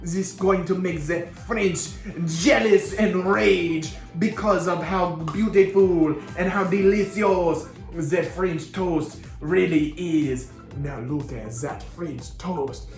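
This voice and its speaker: A man's voice: high-pitched, slow, echoey room, soft background music. Playful man hosting a kids' cooking show. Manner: playful, mock-French exclamations. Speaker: children's show host. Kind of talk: playful cooking demonstration for kids.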